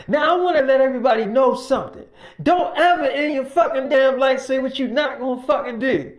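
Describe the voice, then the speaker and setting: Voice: high-pitched, pitched above the performer's own voice, natural voice. A storyteller voicing a cruel, domineering male survivor leader in an improvised tale, profane and threatening. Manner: profane, threatening, barking orders.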